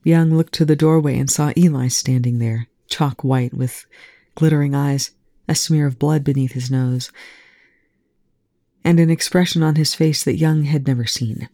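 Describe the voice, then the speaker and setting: A reader giving even, measured narration of a fan fiction audiobook. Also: medium pitch, no room sound, clean studio sound.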